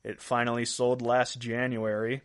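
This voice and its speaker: A man's voice: medium pitch, flat delivery, normal speed, clear, resonant tone. A man hosting a podcast, reading out weird news stories in a casual way and laughing at his own jokes. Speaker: podcast host.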